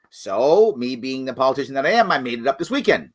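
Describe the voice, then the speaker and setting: He's a fairly high-pitched male host running a live political question-and-answer show, talking briskly with few pauses. He reads comments from viewers and responds earnestly, alternating between loud emphasis and quiet apology.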